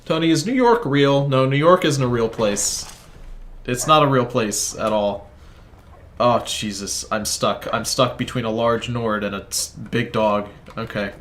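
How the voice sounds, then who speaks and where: Here a man speaks a little slowly in a medium-pitched, fairly bright voice, with a faint hiss or hum in the recording. A gaming video creator, he tells a meandering, profane story in casual talk as he plays, breaking off often to comment on what's happening in the game.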